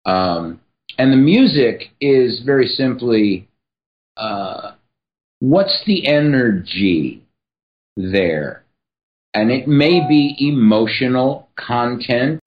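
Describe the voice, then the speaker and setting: Man, guest writer, measured teacherly talk, slow pace, slightly dull audio. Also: medium pitch, animated. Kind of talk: explanatory interview talk.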